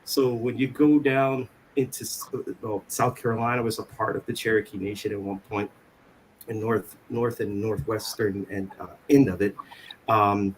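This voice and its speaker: A man on a discussion panel, talking casually and haltingly, often restarting and repeating words. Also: lowish voice, fairly even intonation, a little hiss or hum. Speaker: panelist on Cherokee language.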